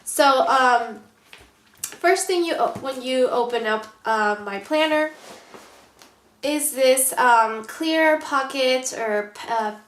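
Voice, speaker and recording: A woman with a somewhat high, nasal voice that sounds stuffed up. She talks casually with plenty of ums, and the room around her has a noticeable echo. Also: slow pace, fairly bright tone, slight background noise. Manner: chatty, many ums. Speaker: planner vlogger. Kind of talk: casual show-and-tell vlog.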